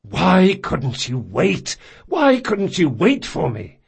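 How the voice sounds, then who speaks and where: A man voicing a big, loyal male thief, swinging between raw shouts and hushed, gentle speech. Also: mid-range voice, moderate pace, slightly rough. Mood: anguished.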